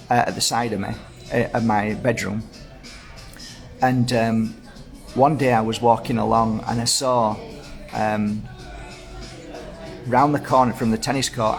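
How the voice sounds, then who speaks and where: A man's voice: mid-range voice, vocal fry. A man in his fifties with a Yorkshire accent, casually rambling through anecdotes full of reported speech. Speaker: host. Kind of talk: casual storytelling chat.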